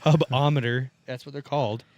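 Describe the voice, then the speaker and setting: A man's voice: mid-range voice, fairly even intonation, brisk, no echo. A man on a podcast, chatting casually and telling a rambling, profane work story that he keeps laughing at. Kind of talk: casual chat.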